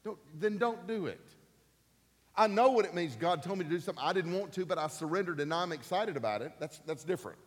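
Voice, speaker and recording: Pastor in his fifties, emphatic and repetitive, with a fairly high voice and long church-hall reverb. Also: animated, racing, few pauses. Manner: emphatic, repeats key phrases, rising to loud peaks. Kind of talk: sermon.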